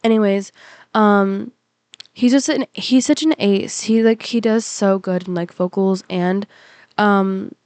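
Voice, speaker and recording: Speaking slowly in a medium-pitched, somewhat mellow voice, a young K-pop reaction vlogger rambles casually, restarting often and using plenty of fillers. She gets emotional and nearly cries. The recording is dry, made on a computer mic.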